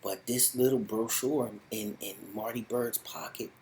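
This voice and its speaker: A man giving a casual spoken review of a TV show in animated, slangy, rambling storytelling. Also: mid-range voice, measured pace, a little hiss or hum, rough recording.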